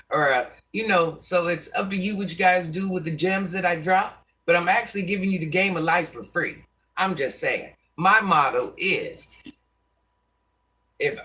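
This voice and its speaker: Deep-voiced older woman, around sixty, bright edge, folksy live-stream chat, a bit off-mic. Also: distant mic. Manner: folksy, calls viewers baby and hun, speaks of herself as Granny. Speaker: online life-advice host.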